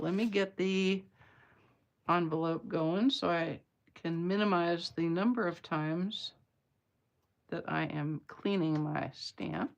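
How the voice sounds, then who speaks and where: A woman's voice: lowish voice, slow, creaky, fairly bright tone. A woman, chatting playfully with viewers while demonstrating card-making live. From Atlanta area, US. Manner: chatty and playful, bantering with viewers mid-demo. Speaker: craft demonstrator.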